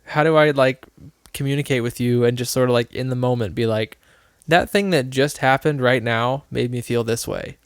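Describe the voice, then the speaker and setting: Man with a smooth voice. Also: mid-range voice, normal speed, hardly any pauses, dry recording, clean studio sound. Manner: rambling, many fillers and restarts, thinking aloud. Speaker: podcast co-host. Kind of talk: casual chat.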